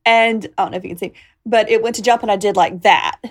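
A woman's voice: mid-range voice, quick pace. A woman hosting a podcast, chatty and enthusiastic in casual conversation. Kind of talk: casual chat.

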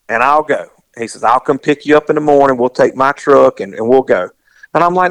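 A middle-aged man, casually telling a long, animated story and acting out the voices of the people in it. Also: mid-range voice, fast, creaky, dry recording, poor audio. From US South. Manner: rambling, animated, acts out quoted voices.

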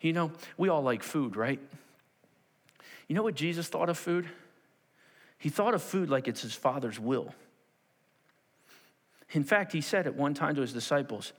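A man preaching a sermon to a congregation, animated and acting out the scenes of the story in different voices. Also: fairly high pitch, normal speed, pauses often, in a large hall. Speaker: pastor.

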